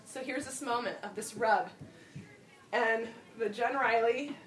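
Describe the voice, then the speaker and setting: A woman preaching a sermon in a reflective, personal way, with soft laughs along the way. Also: a little high, a little slow, slight background noise. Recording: roomy sound from a distant mic, faint ambience.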